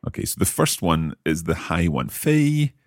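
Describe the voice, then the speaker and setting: A man's voice: extremely low pitch, brisk, slightly rough, no echo, clean studio sound. A man hosting a language lesson podcast, curious and carefully repeating words after his teacher. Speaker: host and learner.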